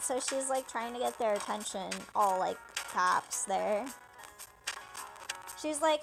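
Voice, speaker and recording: A woman's voice: mid-range voice, a little slow, vocal fry, faint music behind, poor audio. A young woman casually narrating and translating a game, chatty with lots of "like", reading the ellipses aloud. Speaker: let's play translator.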